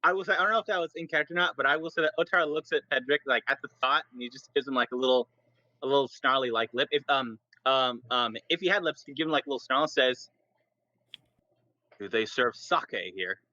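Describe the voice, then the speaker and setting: A man's voice: medium pitch, steady tone, fast, bright, forceful tone, no echo, highs cut off. A man playing a tabletop game, talking easily with many hesitant fillers. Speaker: player. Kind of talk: casual tabletop role-play.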